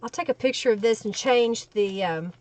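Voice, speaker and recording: A woman's voice: a little high, normal speed, a little mellow. A woman hosts a casual craft live stream, chatty and upbeat as she thanks viewers one by one. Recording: dull lo-fi dry sound.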